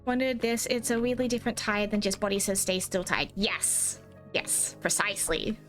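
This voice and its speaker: Aussie lady streamer rambling through casual chat, swears a lot, middle pitch, bit of music under it. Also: normal speed, fairly bright tone. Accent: Australian. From Australia. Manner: rambling, chatty, swears freely, quotes herself and others. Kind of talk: casual chat while gaming.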